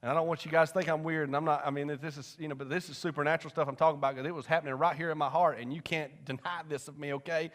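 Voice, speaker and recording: A young man, preaching a folksy personal testimony that swings from loud to hushed. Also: on the high side, steady tone, very fast, few pauses. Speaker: pastor. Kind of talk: sermon testimony.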